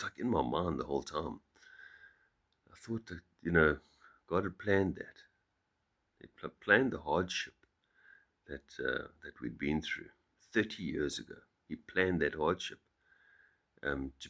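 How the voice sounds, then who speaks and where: A middle-aged man speaking softly to the camera on his farm early in the morning, halting and reflective, with many pauses and restarts. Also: extremely low pitch, creaky. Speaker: farm vlogger. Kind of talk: reflective personal talk to camera.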